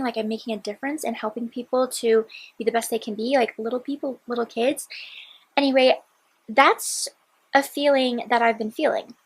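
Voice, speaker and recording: A woman in her late twenties speaks to camera in a rambling, candid diary vlog. Her voice sits a little high for a woman. Now and then she drops into a quiet whisper. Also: husky, rough recording. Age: 20s. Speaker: vlogger.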